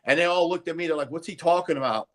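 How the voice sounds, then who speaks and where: Man in his fifties, casual podcast chat, lively storytelling, brighter pitch. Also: quick pace. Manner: animated storytelling, heavy swearing. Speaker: podcast co-host, former bodybuilder.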